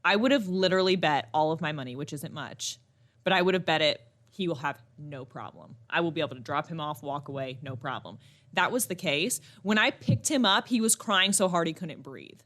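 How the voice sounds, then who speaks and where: A young woman co-hosting a podcast, telling stories in casual chat with lively animation and frequent laughter. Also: low-pitched. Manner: animated storyteller, quick to laugh. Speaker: podcast co-host.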